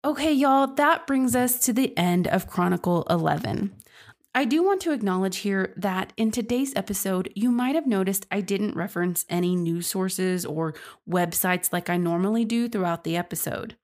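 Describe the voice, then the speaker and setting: Young woman reading out her true crime podcast, earnest, talks straight to listeners, mid-pitched voice. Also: lively intonation, normal speed, darkish tone. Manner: earnest, casual address to listeners. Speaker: podcast host.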